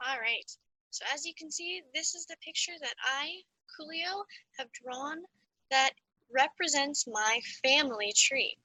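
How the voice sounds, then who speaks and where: A woman giving a lively, sing-song nature lesson to young children while playing a coyote mascot. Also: high voice, a little slow, dry recording. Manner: animated, sing-song, speaks straight to children.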